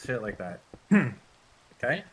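A man's voice: medium pitch, big pitch swings, slow, a bit bright, breathy edge. A man chatting casually as a stream guest in a rambling, defensive way. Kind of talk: casual chat.

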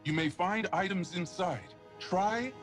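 A male actor voices a young, earnest alien guardian in a video game, speaking formally and with measured care in a high-pitched voice. Game music plays in the background.

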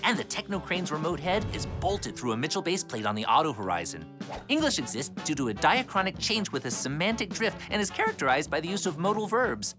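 An eager young male puppet hosting a behind-the-scenes tour. The voice sits a little high and swings widely as he exclaims. Music plays clearly behind him. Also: sing-song, fairly quick. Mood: excited. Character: cheerful young male puppet, earnest, starstruck. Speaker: host.

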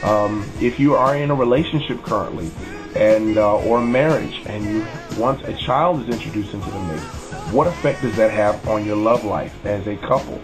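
Man, vlog host, low voice, loose and chatty with plenty of ums, faint music underneath. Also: moderate pace, low-quality recording. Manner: relaxed, rambling, with many fillers. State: emotional, voice dropping softly. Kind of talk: casual vlog talk to camera.

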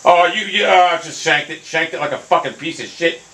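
A young man commentating his own golf video game, hot-tempered and swearing constantly, often bursting into angry shouts. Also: fairly high pitch, moderate pace, poor audio. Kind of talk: live gameplay commentary.

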